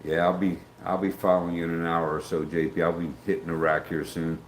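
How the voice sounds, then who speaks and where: A man's voice: low voice, flat delivery, fast talker. Rambling middle-aged man in a roomy space. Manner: rambling, greets chat viewers by name. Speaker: livestream host. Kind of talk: casual livestream chat. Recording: roomy with faint background ambience.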